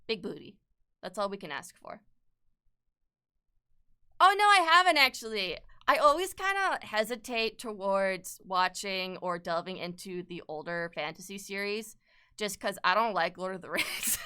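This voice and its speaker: A young woman chatting casually on a livestream while she sketches, swearing freely with sudden bursts of excitement. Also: medium pitch, clean tone. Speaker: streamer and artist.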